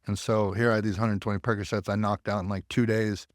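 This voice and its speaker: A man's voice: fairly low pitch, flat delivery, fast, no room sound, studio quality. A man, a veteran guest telling his story candidly and bluntly, with plenty of swearing. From United States. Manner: blunt, profane, acts out quoted voices. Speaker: podcast guest, army veteran.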